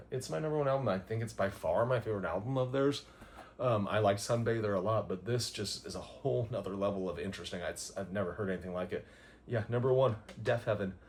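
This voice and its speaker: A man's voice: fairly low pitch, a little hiss or hum. Rambling man gushing about albums. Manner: rambling, gushing, many fillers and chuckles. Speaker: music vlogger. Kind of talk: casual album countdown.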